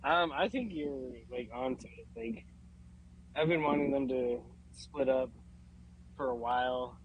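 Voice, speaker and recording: A man co-hosting a wrestling podcast, giving his opinions in a relaxed, slightly hesitant way. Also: mid-range voice, unhurried, highs cut off, a little hiss or hum. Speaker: podcast co-host. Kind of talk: casual wrestling chat.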